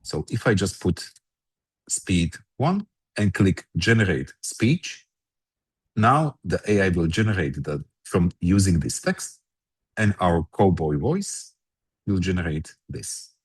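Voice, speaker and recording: A man presenting an online workshop, walking through a software demo step by step from a computer mic. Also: low voice, lively intonation, slow, husky, no room sound. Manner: explains step by step, with frequent restarts.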